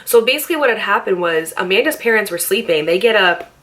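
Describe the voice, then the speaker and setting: Bright-voiced young woman telling a story. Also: medium pitch, fast talker. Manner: animated, swears freely, acts out quoted voices. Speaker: storytime vlogger. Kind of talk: casual storytelling.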